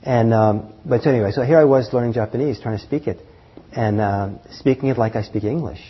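A man giving a meditation class, talking gently and haltingly with many pauses, fillers and soft laughs. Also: mid-range voice, breathy edge. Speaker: meditation teacher. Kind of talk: dharma talk to a class. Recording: muffled lo-fi recording.

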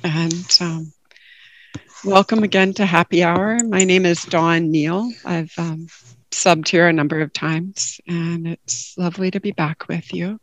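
A woman giving a calm, reflective dharma talk as a guest meditation teacher over a video call. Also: on the low side, no room sound.

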